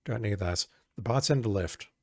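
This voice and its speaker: A man's voice: on the low side, normal speed, no room sound, clean studio sound. A man casually playing an old adventure game, reading its text aloud and making wry, sarcastic asides. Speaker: let's play gamer.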